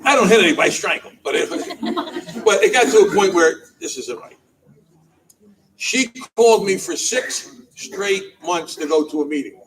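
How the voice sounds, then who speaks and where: A man's voice: high-pitched, expressive, normal speed, recorded from a distance, crowd noise, rough recording. A man from New Jersey giving a humorous personal storytelling speech at a banquet, chuckling often and acting out the lines of the people in his story. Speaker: banquet speaker. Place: banquet hall.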